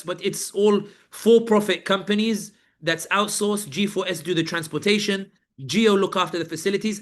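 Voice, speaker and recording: Male speaker, fairly high voice, lively first-person storyteller who acts out the other people in his story. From Britain. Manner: animated storytelling, acting out guards and inmates. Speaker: speaker recounting detention. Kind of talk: personal account at a press event.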